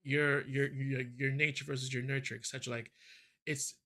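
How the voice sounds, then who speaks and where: A man hosting a music reaction, rambling and excitable, full of fillers and restarts. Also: mid-range voice, normal speed. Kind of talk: casual reaction commentary.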